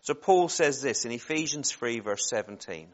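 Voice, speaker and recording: A Northern Irish man in his forties preaches in a loose, chatty way, wandering off into self-deprecating jokes before finding his point again. His accent has softened from living in England. The recording sounds a little dull and muffled. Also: mid-range voice, lively intonation, moderate pace. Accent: Northern Irish, softened by years in England. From Northern Ireland. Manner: rambling and self-deprecating, joking asides. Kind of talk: informal sermon.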